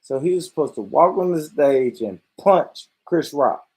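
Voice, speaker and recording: A man rants to his viewers in a comic, profane vlog, swinging his voice up and down with big energy. His tone sits a little high and has a husky rasp, and he breaks into laughter often. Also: unhurried. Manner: animated, swearing, laughing often. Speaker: vlogger. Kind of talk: profane comedic rant.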